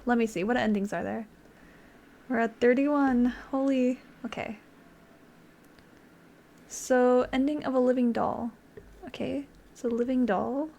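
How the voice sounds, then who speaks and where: A woman's voice: fairly high pitch, fairly even intonation, a little slow, gravelly, pauses often, a little mellow. A young woman playing a video game, reading its narration aloud dramatically and chatting in between with hesitant fillers. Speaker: game streamer. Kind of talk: let's play, reading game text aloud.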